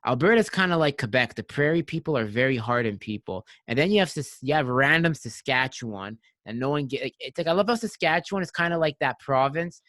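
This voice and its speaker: A man from Iran, a guest on a podcast, chatting in an animated, joking way. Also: mid-range voice, brisk, hardly any pauses, no room sound. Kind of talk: casual chat.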